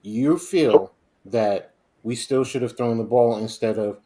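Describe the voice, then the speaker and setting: Calm male panelist clarifying. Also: mid-range voice, a little slow, crowd noise. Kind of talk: sports talk.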